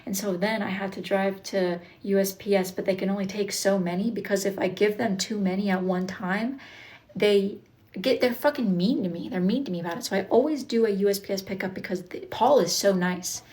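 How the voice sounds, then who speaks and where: A woman's voice: medium pitch, fairly even intonation, a little fast, darkish tone. Stressed young woman venting on a live stream. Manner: frustrated, swears freely, reads viewer comments aloud and answers them. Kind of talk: casual live-stream chat.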